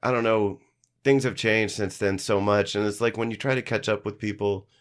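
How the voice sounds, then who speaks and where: A man telling animated, profane backstage tales in casual podcast chat, acting out quotes. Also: lowish voice, normal speed. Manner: animated storyteller, swears freely, acts out quotes. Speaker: podcast guest, musician. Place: live-streamed studio.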